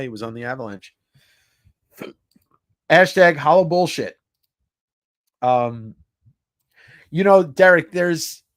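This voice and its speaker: A man's voice: medium pitch, no echo, studio quality. Profane, jokey male livestream host. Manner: jokey, swears freely, reacts to chat comments, laughs often. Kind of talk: casual live-stream chat.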